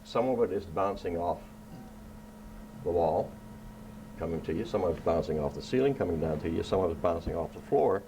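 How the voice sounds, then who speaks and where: A fairly low-voiced man keeps things relaxed and fun as he explains science to children in an indoor room. He repeatedly checks in with a brisk "right?" over a faint hiss of background noise.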